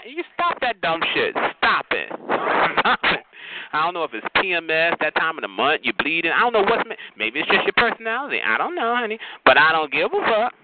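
A man's voice: a little high, very animated, brisk, hardly any pauses. A man ranting sassily and profanely in a casual chat on a phone line, calling his listeners honey and child. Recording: noisy, tinny phone line.

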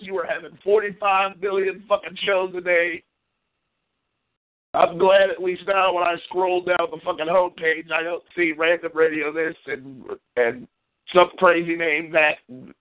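A man hosting a call-in talk show, ranting with exasperation and swinging between high and low pitch. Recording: tinny phone-like line.

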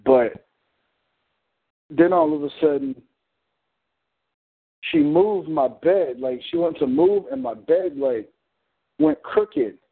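Man, caller, blunt and profane, lively pitch, phone-like audio. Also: slow pace, long pauses, breathy edge. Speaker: caller on a community call. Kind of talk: casual storytelling.

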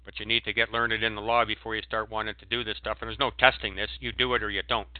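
A man giving a preachy, emphatic monologue as a guest on a call-in show, breaking into sudden loud outbursts. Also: on the low side, flat delivery, fast talker, dry recording. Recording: tinny phone line, dry.

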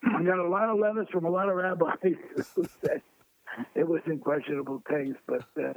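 An older man, a lively raconteur guesting on an interview who acts out voices in his stories. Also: fairly high pitch, brisk. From Brooklyn, New York. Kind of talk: anecdotal storytelling. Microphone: phone. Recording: tinny dry phone line.

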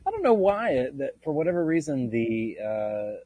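Husky male co-host. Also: mid-range voice, very animated, normal speed, warm tone, no echo. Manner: easygoing, rambling, full of fillers. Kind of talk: casual chat.

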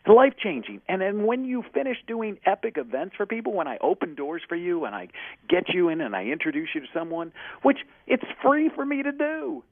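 A man with a husky, fairly high voice that swings widely as he talks, passionate and emphatic. He comes through a tinny, phone-like line with a dry sound. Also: sing-song, a little fast, no room sound. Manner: passionate, emphatic, acts out quoted dialogue. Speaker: guest author and speaker. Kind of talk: energetic motivational interview talk.

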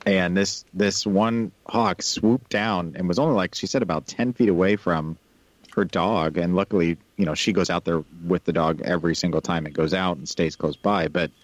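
A man co-hosting a podcast in casual chat, relaxed and chatty, laughing easily. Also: sits low, moderate pace, no room sound, muffled recording. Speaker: podcast co-host.

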